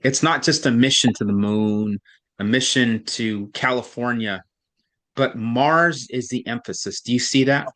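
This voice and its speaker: Male reading tutor, middle-pitched, patient, explains step by step and checks in often. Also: measured pace, fairly bright tone.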